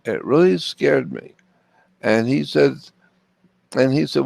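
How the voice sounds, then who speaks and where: A man's voice: mid-range voice, slow, creaky, a little mellow, dry recording. An older man from Florida telling a personal story in an interview, repeating phrases for emphasis. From Florida, USA. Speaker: interview guest.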